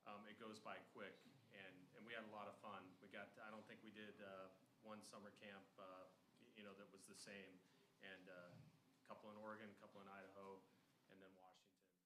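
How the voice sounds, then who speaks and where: A man's voice: on the low side, level tone, a little fast. A man, a scout's father, speaking hesitantly with many fillers at a church ceremony. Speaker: parent of a scout. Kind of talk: informal speech at a ceremony. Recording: echoey hall with room noise.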